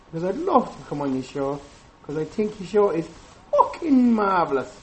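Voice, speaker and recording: A man's voice: high voice, big pitch swings, normal speed, poor audio. A man leaving a voicemail, talking in an exaggerated put-on Irish accent. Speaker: voicemail caller. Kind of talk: recorded voice message.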